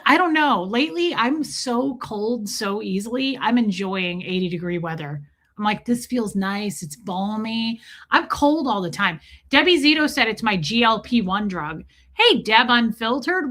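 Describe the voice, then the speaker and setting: A woman's voice: on the high side, fairly bright tone. A woman hosting a casual livestream, chatting and teasing as she greets viewers one by one. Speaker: livestream host.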